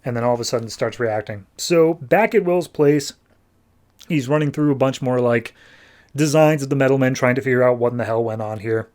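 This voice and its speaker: A man's voice: mid-range voice, brisk, darkish tone. A man hosting a podcast, casually recapping a comic with jokes and acted-out voices. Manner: chatty, jokey, acts out the characters. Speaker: podcast host.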